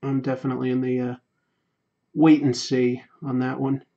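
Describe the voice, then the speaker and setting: A man hosting a drawing livestream, chatting casually and reading viewer comments, going quiet during fine detail work. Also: medium pitch, level tone, normal speed, dull audio. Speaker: livestream host. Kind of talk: casual chat while drawing.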